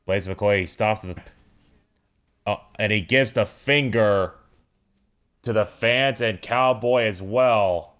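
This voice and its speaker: A man giving excited play-by-play commentary over a wrestling video game, breaking into startled exclamations and stumbling over restarts. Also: lowish voice.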